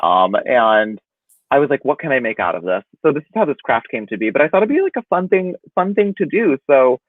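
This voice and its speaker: A young man hosting a casual livestream. He talks in a chatty, animated way with a very lively pitch that swings up and down. The sound is thin and phone-like, very dry with no room at all. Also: fairly quick, dry recording. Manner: chatty, animated, laughing often. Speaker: host. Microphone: video call. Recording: tinny phone-like dry call audio.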